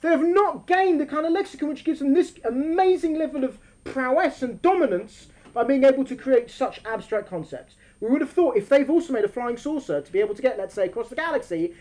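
A woman leading a lively discussion with an audience, animated and quick to talk over interruptions. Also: sits high. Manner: animated, talks over interruptions, mimics voices for fun. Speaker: speaker leading a group discussion.

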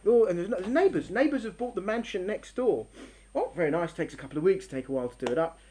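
A woman giving a religious lecture to a live audience in a room, telling story analogies in an animated way, acting out scenes and often restarting her sentences. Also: mid-range voice, fast, slight background noise.

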